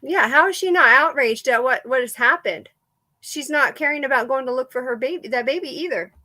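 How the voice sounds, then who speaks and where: A woman's voice: high voice, brisk, pushed and bright. A woman joining a live online panel as a guest, agreeing indignantly with the host. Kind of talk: casual live chat.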